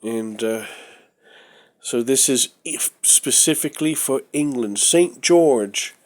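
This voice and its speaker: A man with a stuffy nose walks through his collection in a casual, chatty home vlog, speaking at an unhurried, drawn-out pace. His mid-range voice is animated, and he rambles and hesitates, leaning on fillers and offering blunt opinions.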